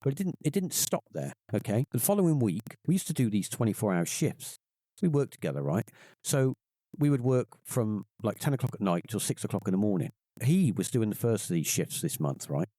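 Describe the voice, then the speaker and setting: A man's voice: fairly quick, dry recording. A middle-aged man, telling a personal story on a podcast and acting out the voices of the people in it. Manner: animated, acts out quoted voices in a higher pitch. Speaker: podcast guest. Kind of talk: casual storytelling.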